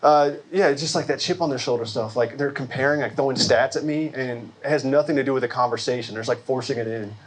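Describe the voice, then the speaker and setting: A man from Arkansas doing an animated stand-up set, working the crowd and putting on quoted voices. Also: mid-range voice, fast, hardly any pauses. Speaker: stand-up comedian. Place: comedy club stage before a laughing crowd. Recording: loud audience noise behind.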